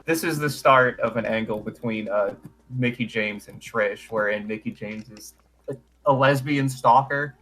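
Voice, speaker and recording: A man in a relaxed podcast chat, walking through an old broadcast beat by beat. His voice sits at a middle pitch, and he delivers the recap with a dry, sarcastic edge. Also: normal speed. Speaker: podcast co-host.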